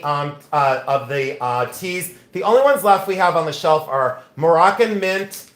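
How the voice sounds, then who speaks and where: A man's voice: a little high, a bit bright. An American man hosting a live-stream sale, teasing viewers and rambling between lots. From United States. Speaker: live auction host. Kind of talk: casual live-stream sales chat.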